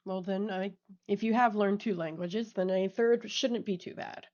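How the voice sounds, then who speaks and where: A woman chats casually during a voice roleplay, often rambling, giggling and backtracking. Her voice sits in a middle pitch range. The recording is slightly dull and lo-fi. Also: steady tone, normal speed, darkish tone. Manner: rambling, giggly, self-correcting. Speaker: roleplay partner.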